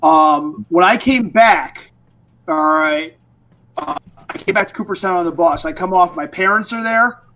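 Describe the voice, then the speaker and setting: A man co-hosting a podcast, telling a funny story in excitable casual chat. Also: high-pitched, unhurried, slight background noise. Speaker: podcast co-host.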